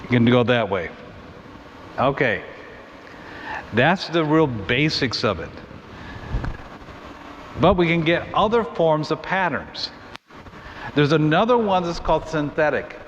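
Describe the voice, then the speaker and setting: A man's voice: a little high, animated. Man teaching a church Bible class. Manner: conversational, thinks aloud with restarts and quick asides. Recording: muffled recording in a reverberant room with faint noise.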